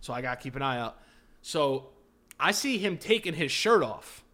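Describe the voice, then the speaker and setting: Bright-voiced man telling a profane story. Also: mid-range voice, normal speed. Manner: animated, profane, laughing storyteller. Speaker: podcast host. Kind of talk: casual storytelling chat.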